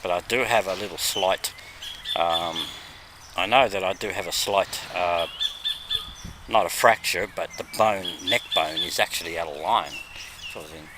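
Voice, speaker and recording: A man with an Australian accent, hoarse and losing his voice, chatting in a rambling vlog with many ums and little laughs. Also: low voice, normal speed. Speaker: vlogger. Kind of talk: casual vlog chat. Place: walking outdoors. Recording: outdoor background noise.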